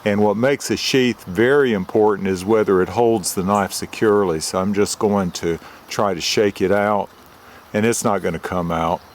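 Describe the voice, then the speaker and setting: An older man, a retired forester, gives a methodical show-and-tell review of a knife outdoors. He explains each detail slowly and plainly into a camera mic. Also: on the low side, a little hiss or hum. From United States.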